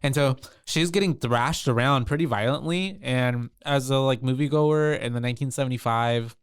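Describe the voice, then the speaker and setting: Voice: mid-range voice, normal speed, clean tone, dry recording, studio quality. A podcast co-host casually recapping a movie, rambling with lots of fillers.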